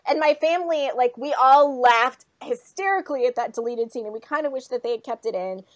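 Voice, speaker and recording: A woman from northern Minnesota with a Minnesota accent, chatting casually and telling animated stories as a podcast host. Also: high voice, a little fast. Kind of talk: casual chat.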